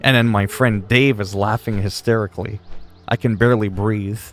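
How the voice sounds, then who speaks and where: Over faint background music, a man with a lowish, steady voice runs a casual gaming livestream at a moderate pace, telling funny stories at length and swearing without restraint.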